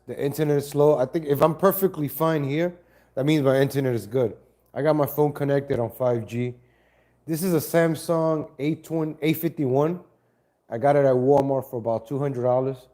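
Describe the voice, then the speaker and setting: A man hosts a casual home livestream on a laptop mic, greeting viewers while rambling and correcting himself. His voice is medium-pitched and dark at a moderate pace, and he chats to both viewers and his cat.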